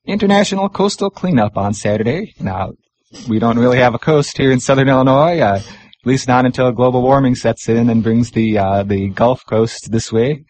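A man hosting a community radio show in a studio, chatting casually and pausing often with fillers. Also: medium pitch. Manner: relaxed, chatty, pauses with many fillers.

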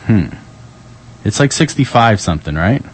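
A man hosting a community radio show reads out the day's events in a casual, joking way, giving the calendar items lively ups and downs. His husky voice sits on the low side at a normal speed, and the recording is low quality.

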